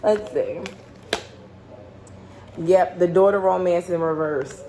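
A woman's voice: on the low side, lively intonation, slow, long pauses, warm tone, slight background noise. A woman giving a casual tarot reading, talking bluntly and chattily with plenty of swearing. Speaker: tarot reader.

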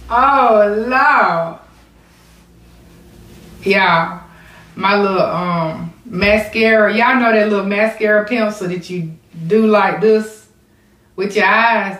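A woman's voice: medium pitch, fairly bright tone. A woman, chatting casually to her viewers while setting up an eating challenge. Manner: chatty, addresses viewers as y'all. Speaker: mukbang vlogger. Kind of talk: casual chat to camera. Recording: echoey room.

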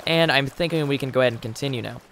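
Excitable man narrating a game. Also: mid-range voice, rapid-fire, slight background noise. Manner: excitable, frequent exclamations. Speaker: gamer. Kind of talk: let's play commentary. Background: game music.

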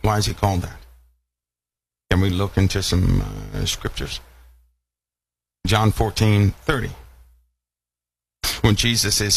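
Man, sermon, low voice, repeated rhetorical questions, faint noise behind. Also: steady tone, slow, long pauses. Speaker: preacher.

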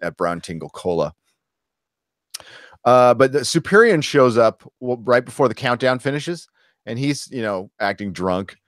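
A man in a casual review chat, talking at a middle pitch and retelling scenes with lots of energy. He slips into quick impressions and fills the gaps with "uh" and "um." The sound is dry and close, with no room around it. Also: dry recording. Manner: animated retelling, acts out lines with quick impressions, frequent laughs and fillers. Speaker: podcast co-host.

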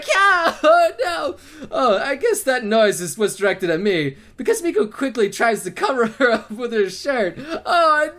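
A man with an extremely high-pitched voice hosts a let's play, reading the game's text aloud between loud, excitable yelps, shrieks, and laughter, with plenty of swearing.

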